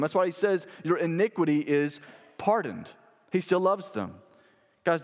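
A man's voice: fairly high pitch, big-room sound. A young adult man, a pastor, preaching a sermon in a conversational, emphatic way, full of rhetorical questions.

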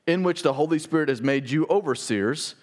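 A man preaching a sermon as pastor, earnest and emphatic, repeating words and dropping to a quiet voice for emphasis. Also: on the high side, a little fast.

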